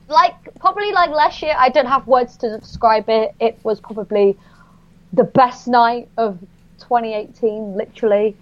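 A woman chatting excitedly on a podcast, full of fillers and restarts. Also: fairly high pitch, normal speed, muffled recording. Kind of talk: casual podcast chat.

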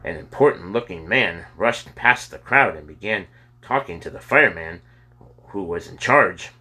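Husky, forceful male storyteller. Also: sits low, lively intonation, moderate pace. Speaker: audiobook narrator. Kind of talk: reading a children's novel aloud.

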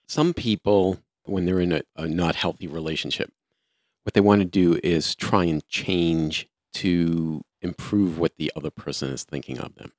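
A man's voice: low-pitched, normal speed, no room sound, studio quality. A man in his sixties co-hosting a casual talk show, giving practical, plain-spoken advice. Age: 60s. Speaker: podcast co-host. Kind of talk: casual chat.

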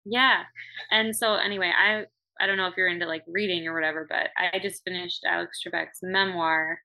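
A woman's voice: fairly low pitch, fairly even intonation, fairly quick, bright, forceful tone, rough recording. A woman guest on a video-call podcast, chatting casually and sprinkling her talk with "like". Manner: chatty, fillers like "like".

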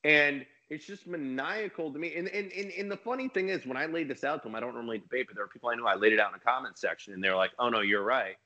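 Energetic, bright-voiced man on a podcast. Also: mid-range voice, very fast, hardly any pauses, dull audio. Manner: energetic, emphatic, passionate. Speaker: business coach and mentor. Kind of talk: casual podcast conversation.

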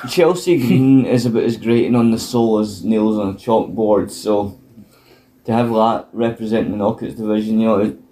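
Blunt sweary Scottish man, mellow voice. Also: on the low side, normal speed. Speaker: podcast co-host. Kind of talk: casual wrestling chat.

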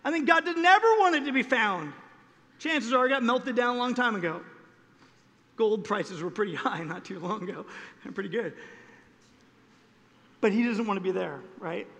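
High-voiced pastor preaching in a reverberant hall. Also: male voice, animated, normal speed, creaky, long pauses. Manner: dramatic, acts out prayers and God's voice, swings loud and soft. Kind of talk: sermon.

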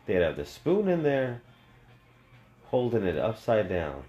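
A man with a low voice that swings widely as he talks hosts a podcast. His stories are rambling and profanity-laced, and he drifts from tangent to tangent with animated energy. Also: measured pace, muffled recording, faint music behind. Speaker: podcast host. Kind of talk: rambling casual storytelling.

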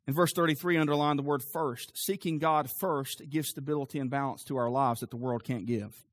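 A male pastor preaching a sermon with an emphatic, rising cadence, then leading a quieter prayer. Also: medium pitch, fairly even intonation, brisk.

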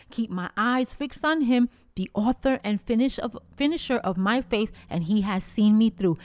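An older woman with a fairly high voice gives fervent encouragement on her devotional podcast. She speaks in a preacherly, uplifting way, recorded in a dry, close room. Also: darkish tone, dry recording. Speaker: podcast host. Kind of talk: devotional podcast talk with prayer.

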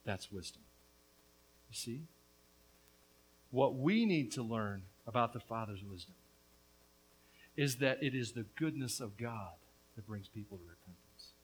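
A middle-aged man preaching a lively, joking sermon, with quick asides to the congregation. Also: medium pitch, slightly rough, low-quality recording. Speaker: pastor.

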